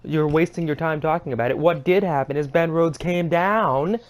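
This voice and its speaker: A woman co-hosting a casual racing podcast, sarcastic and profane as she rants. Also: normal speed. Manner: sarcastic, profane, swinging from high to low. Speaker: podcast co-host. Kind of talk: casual sports podcast rant.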